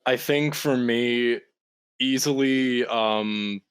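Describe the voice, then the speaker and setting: Man with a smooth, dry voice. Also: mid-range voice, drawn-out words, dry recording. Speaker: podcast guest. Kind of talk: casual chat.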